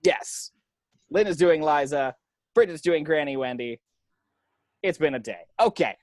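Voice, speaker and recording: Man host, casual and laughing, animated voice, dry close sound. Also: fairly high pitch, a little slow, dry recording. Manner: chatty, laughing, apologetic asides. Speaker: table read host. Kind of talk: casual hosting chat.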